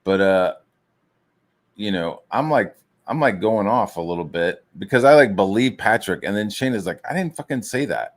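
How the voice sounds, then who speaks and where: A man with a fairly low voice rants casually into his mic, swearing constantly and rambling through one aside after another. His tone stays heated, and he acts out other people's lines as he tells the story. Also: lively intonation, moderate pace. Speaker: show host. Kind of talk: casual ranting monologue.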